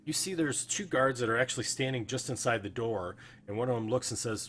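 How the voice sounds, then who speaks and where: A man narrating as game master of a tabletop game, relaxed and full of fillers. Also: mid-range voice, a little hiss or hum. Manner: relaxed, filler-heavy narration with quick guard voices.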